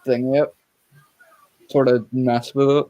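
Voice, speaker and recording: A man's voice: medium pitch, little pitch movement, takes it slowly, dark tone, dull audio. A man hosting a casual movie chat, rambling with stammering restarts and swearing freely.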